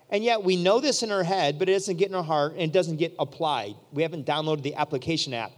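Male preacher, high pitch, lively storyteller who voices his characters, long reverb of a big hall. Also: quick pace, few pauses. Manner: animated, acts out quoted voices. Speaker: pastor. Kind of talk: storytelling sermon.

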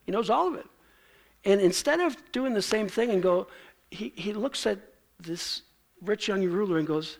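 A man's voice: high-pitched, creaky. A male pastor preaching a sermon in a conversational way, acting out the lines he quotes.

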